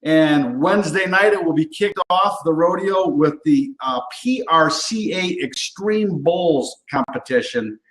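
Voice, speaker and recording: A man's voice: on the high side, unhurried, hardly any pauses, fairly bright tone. A man hosting a cooking show in a rambling, upbeat chat full of fillers and asides. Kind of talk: casual on-camera chat. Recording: roomy echo.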